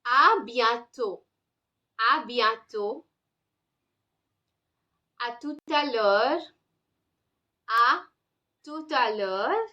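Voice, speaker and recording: Slow, bright-voiced woman teaching French. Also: on the high side, animated, muffled recording. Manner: slow, drills phrases with repetition. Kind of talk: online language lesson.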